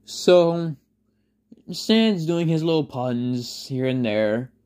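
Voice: mid-range voice, animated, drawn-out words, warm tone, clean tone. A fan storyteller improvising a story in a rambling way, full of fillers and self-corrections.

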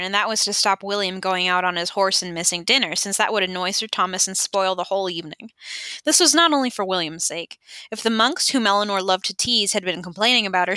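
Amateur woman audiobook reader, bright, dry sound, occasional stumbles. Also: mid-range voice, dry recording. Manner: plain reading with occasional stumbles. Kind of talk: audiobook narration.

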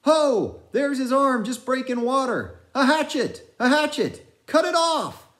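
A crazed young cabin boy in an audiobook, his voice pitched up high and lively, calling out in a singsong, frantic way. He swings up and down wildly between phrases. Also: unhurried, heavily acted.

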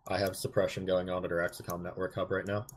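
A man giving rapid, clipped status reports to his commander over game voice chat. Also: deep voice, level tone, slightly rough.

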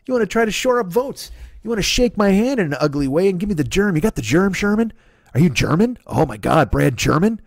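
A man's voice: sits high, very animated, fairly quick, vocal fry, dry recording. A man in his fifties hosting a solo comedy podcast, rambling through a profane, sarcastic rant. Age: 50s.

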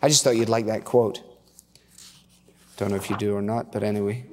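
A man's voice: on the low side, steady tone, a little fast, a little hiss or hum. A middle-aged male pastor preaching a sermon in a conversational, storytelling way with casual asides. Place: church. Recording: long church reverb.

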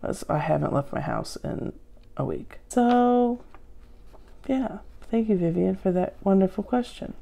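A woman's voice: mid-range voice, lively intonation, unhurried, vocal fry, dark tone. A woman hosting a comedic question-and-answer video from home, with a dry, sarcastic, self-mocking manner. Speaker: show host answering viewer questions. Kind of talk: deadpan comedic Q&A.

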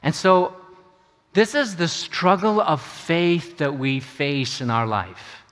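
Earnest preacher in a reverberant hall. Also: male voice, a little high, sing-song, a bit bright. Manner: earnest, halting, repeats words. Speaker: pastor. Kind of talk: sermon. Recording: long reverb of a church hall.

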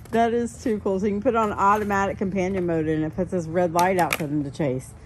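A woman in her thirties filming her dogs at home, animated and laughing often as she coaches children. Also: medium pitch, a little fast. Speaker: dog owner filming her pets. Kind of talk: casual home video narration. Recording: noisy home video recording.

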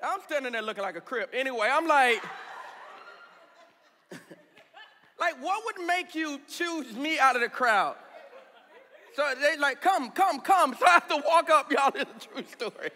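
A man pastor telling a candid, comic story in a sermon, animated and laughing along. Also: very high-pitched, normal speed, pauses often. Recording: reverberant hall sound.

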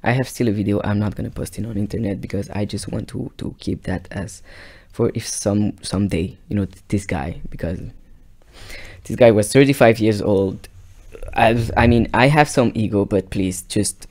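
A man casually telling a long personal story, rambling and repeating himself, sometimes dropping to a hushed near-whisper. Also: lowish voice, normal speed.

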